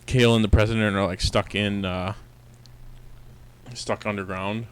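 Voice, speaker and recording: A man co-hosting a casual movie review podcast, chatty and quick to laugh as he retells scenes. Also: fairly low pitch, steady tone, slight background noise, rough recording. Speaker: podcast co-host.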